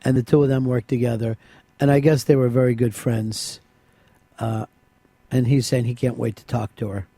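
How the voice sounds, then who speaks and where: A man's voice: medium pitch, little pitch movement, normal speed, warm tone, no room sound. A man hosting a radio talk show, teasing and joking with his guests.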